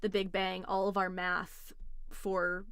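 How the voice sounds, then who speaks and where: A woman hosting a casual call-in debate, relaxed and wry, with a dry sense of humor. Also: on the low side, takes it slowly, clear, resonant tone, no room sound. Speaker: host.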